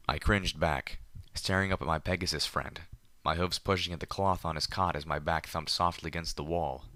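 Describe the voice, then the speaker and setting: A man reading a story aloud in the first person with a measured, deliberate delivery. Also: extremely low pitch, steady tone, pushed and bright, no echo. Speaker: audiobook narrator.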